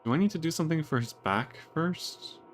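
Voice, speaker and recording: A man's voice: on the high side, animated, brisk, slight background noise. A man casually commenting while playing an adventure game, hesitant and mumbling. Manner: hesitant, mumbling, laughs to himself. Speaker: let's play gamer.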